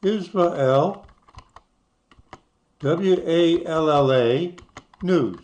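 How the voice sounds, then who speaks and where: A man's voice: on the high side, drawn-out words, a little mellow. An older man from the United States who talks you through websites in a casual screen-share, spelling things out letter by letter. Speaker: channel host.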